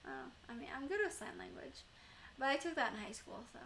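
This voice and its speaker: A woman's voice: high voice, lively intonation, fast talker, gravelly, fairly bright tone, slight background noise. A young woman chatting casually with viewers on her live stream, rambling with lots of fillers.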